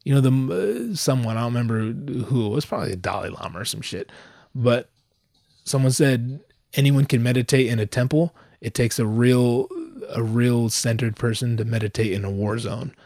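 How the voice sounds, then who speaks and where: A young man telling a profane, exasperated story in a dry close recording, with slangy talk that keeps stammering and restarting. His pitch stays mid-range as he rants animatedly. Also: normal speed, gravelly, darkish tone, no echo. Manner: stammers and restarts when worked up. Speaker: vlogger. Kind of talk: casual storytelling rant.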